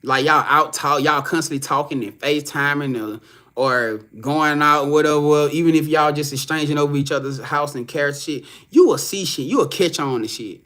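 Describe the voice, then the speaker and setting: A young man with a slightly raised pitch chats loosely on a live stream. He rambles and swears, restarts his sentences often, and reads viewers' comments aloud as he answers them. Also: normal speed, bright, forceful tone. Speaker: live stream psychic reader.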